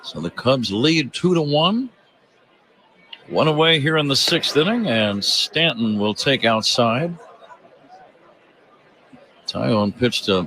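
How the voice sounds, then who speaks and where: A man calling a baseball game on radio as play-by-play announcer, in a steady, genial, informative manner. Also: medium pitch, slight background noise.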